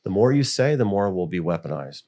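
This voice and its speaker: A man's voice: low-pitched, brisk. A middle-aged American man, a school board member, telling stories in a casual interview and acting out the voices he quotes. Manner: animated, acts out quoted voices.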